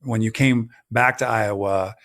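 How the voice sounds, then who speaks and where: A man's voice: fairly low pitch, fairly even intonation, measured pace, a bit bright. A middle-aged man hosting an interview, enthusiastic and encouraging, asking probing questions. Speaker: podcast host. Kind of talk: casual interview.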